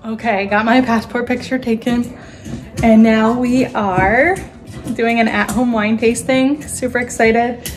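A woman's voice: on the high side, steady tone, measured pace, soft background music, low-quality recording. A young woman, a nurse, chatting casually in a vlog at home and laughing often. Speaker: travel nurse vlogger. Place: home living room.

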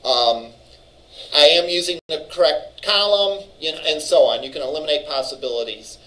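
This database instructor at a college has a sharp-toned voice on the high side and speaks at a moderate pace. He lectures conversationally, checks in with "all right?", and thinks aloud with fillers and restarts, though the audio is poor.

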